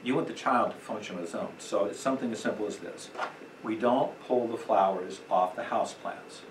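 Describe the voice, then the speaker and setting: A man's voice: lowish voice, fairly quick. A man teaching a church parenting class in an emphatic, conversational way, acting out quotes and chuckling often. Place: church meeting room. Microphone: distant room mic. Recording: echoey room, distant mic, faint noise.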